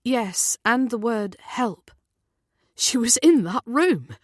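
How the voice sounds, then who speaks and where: A woman reading the part of a gentle, caring mother, speaking patiently and kindly. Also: a little high, expressive, takes it slowly, no room sound, clean studio sound, voice pushed up.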